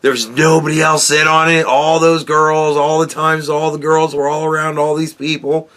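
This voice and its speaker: A man's voice: on the high side, level tone, normal speed, a bit bright. A man hosting a podcast, talking in a rambling, profane opinion monologue full of restarts. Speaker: podcast host.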